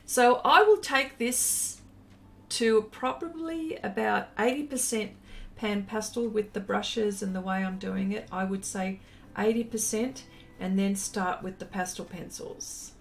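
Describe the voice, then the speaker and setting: A woman's voice: mid-range voice, unhurried, vocal fry, slight background noise. An Australian woman hosting a casual art live stream. She chats with viewers, reads their comments aloud and laughs often. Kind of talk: casual live-stream chat while painting.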